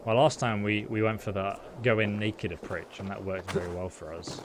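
A man's voice: fairly low pitch, steady tone, moderate pace, background noise. Jokey man commentating gameplay. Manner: jokey, chatty, sarcastic. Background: game music and sounds.

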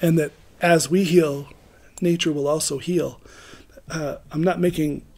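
A man's voice: on the high side, fairly even intonation, a little slow, creaky, darkish tone. A middle-aged man giving an informal, rambling sermon, joking about himself and laughing often. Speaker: preacher.

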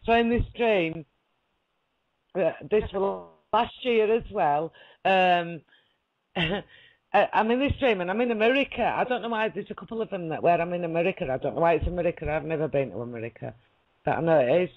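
A guest in her 40s rambles through a story during a casual chat, laughing often and making sure she's understood. Her voice is on the low side and fairly quick, captured on lo-fi audio.

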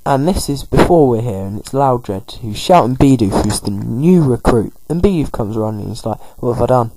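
A man narrating a video game in a casual, rambling walkthrough. His voice is mellow and warm, with a husky edge. He sits at a middling pitch. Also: expressive, normal speed, no room sound, poor audio. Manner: chatty, rambling. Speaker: game commentator.

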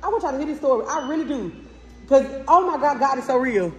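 Her high, expressive voice moves fast as this family vlogger chats casually and gushes to the camera. Echo and noise from the room fill the recording.

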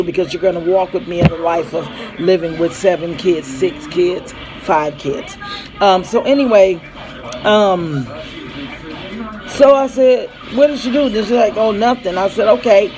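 A mother in her thirties vlogs about family life from home with children around, her mid-range voice captured in a low-quality recording. She tells a rambling story casually, acting out the dialogue and breaking off to call to her kids.

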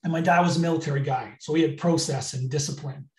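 A man runs a leadership webinar over a video call, talking in a candid, energetic way. His voice sounds roomy and sits back from the mic. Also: fairly high pitch, fast talker, recorded from a distance. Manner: energetic, candid, gets emotional. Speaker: leadership trainer. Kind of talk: live webinar training.

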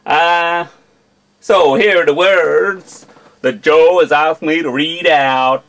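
A man's voice: fairly high pitch, fairly even intonation, slow, a bit bright. A man from Britain putting on an exaggerated fake Southern American drawl for a comic word-list reading, adding preacher-style asides. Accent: fake Southern American drawl put on over a British voice. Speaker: vlogger.

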